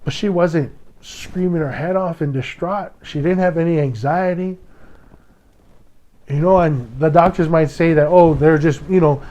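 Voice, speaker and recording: A man's voice: a little high, a little slow, darkish tone. Hawaiian man telling a heated story. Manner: emotional storytelling, restarts, quotes others in raised voice. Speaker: podcast host. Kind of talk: casual monologue podcast.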